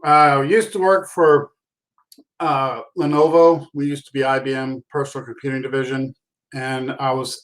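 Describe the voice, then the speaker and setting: A middle-aged man telling his story as a guest in a casual interview, animated and self-deprecating, with frequent restarts. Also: mid-range voice. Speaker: podcast guest, concussion awareness speaker.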